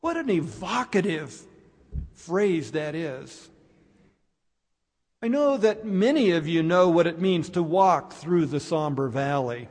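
A man preaching a sermon, slow and reflective, with dramatic pauses. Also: fairly high pitch, animated, a little mellow. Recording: long hall reverb.

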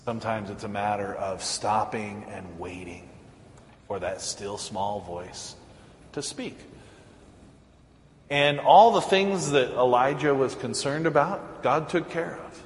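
A man preaching a sermon as a pastor, telling stories in a relaxed, conversational way with frequent chuckles. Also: lowish voice, takes it slowly, slight background noise. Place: church sanctuary. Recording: echoey church hall, faint ambience.

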